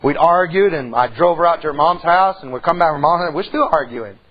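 A man's voice: on the high side, fast talker, highs cut off. A middle-aged man, preaching a sermon in a church and telling a personal story in a folksy way. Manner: folksy storytelling preacher, swings from loud to hushed. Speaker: pastor.

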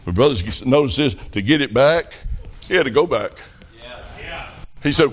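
A man's voice: mid-range voice, expressive, moderate pace, slightly rough. A man preaching a revival sermon, telling folksy country stories with fervent emphasis. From rural farm upbringing.

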